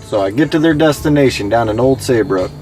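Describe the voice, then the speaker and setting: A man's voice: medium pitch, expressive, brisk, darkish tone. A man with a mid-range voice tells his ride share driving stories in a loose, chatty way, full of "you know" and acted-out quotes. He sounds like he is sitting in a car, with faint music playing underneath. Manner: conversational, many fillers, mimics passengers in quoted lines. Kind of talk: casual storytelling.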